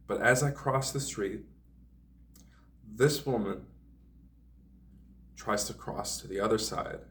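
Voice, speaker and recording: A man with a somewhat low voice tells a rambling personal story, drifting into sardonic, hedging asides. He sounds a little distant from the microphone. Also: vocal fry, a little hiss or hum. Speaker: vlogger.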